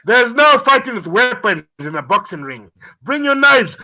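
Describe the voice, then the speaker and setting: Caller: man, high, animated delivery, ranting and taunting in a heated stream argument. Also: normal speed. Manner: abusive, shouting insults, taunting.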